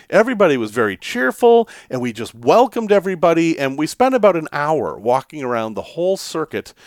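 A man's voice: high-pitched, no echo, studio quality. A man casually telling a story to his camera, chatty and self-deprecating, laughing now and then. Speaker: van life vlogger.

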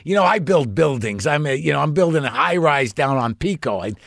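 A man putting on an excitable, boastful middle-aged male contractor who is starstruck and keeps talking over himself. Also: a little high, brisk, gravelly, no echo, clean studio sound. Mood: eager.

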